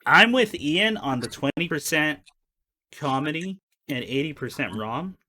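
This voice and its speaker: Male podcast co-host, bright tone, laughs and swears through relaxed movie chat. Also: a little high, measured pace. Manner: laughing, profane storyteller. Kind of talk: casual movie-review chat.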